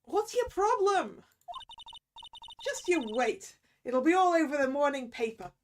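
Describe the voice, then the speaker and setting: A woman voicing a brash, loud female reporter with a folksy Southern drawl attempt, reading game dialogue aloud. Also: high voice, sing-song, measured pace, a little hiss or hum. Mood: defiant.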